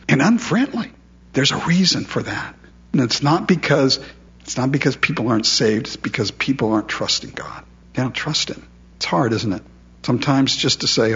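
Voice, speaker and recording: A man's voice: mid-range voice, sing-song, normal speed, fairly bright tone, lo-fi sound. A man preaching a sermon in a conversational way, asking his listeners questions and repeating words as he goes. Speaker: pastor.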